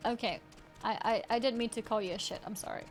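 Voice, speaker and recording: A woman's voice: a little high, steady tone, fast. Giggly woman streamer over game music. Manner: chatty, giggly, thanks chat. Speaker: livestreamer. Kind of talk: casual gaming stream chat.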